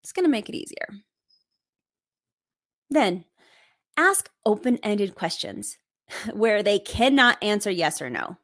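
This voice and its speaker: A woman's voice: mid-range voice, sing-song, slow pace, pauses often, fairly bright tone. A woman coaching parents with direct, emphatic advice, laughing lightly between points.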